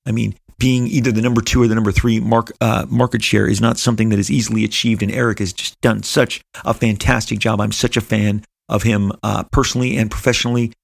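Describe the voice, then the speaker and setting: A man's voice: fairly low pitch, little pitch movement, fast, gravelly, few pauses, slightly rough, dry recording. A middle-aged man, a comic book creator, telling a personal story in an earnest, rambling way with frequent restarts.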